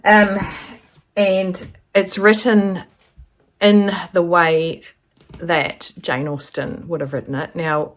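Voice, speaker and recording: A woman's voice: lowish voice, level tone, slow, pauses often. A woman, chatting casually to camera in a rambling, storytelling way. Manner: chatty, rambling, acts out quoted voices. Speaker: vlogger.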